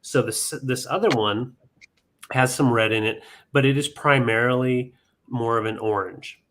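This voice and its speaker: A man's voice: medium pitch, measured pace, a bit bright, a little hiss or hum. A man hosting a live vintage sale stream, chatting casually with many ums and counting down bids.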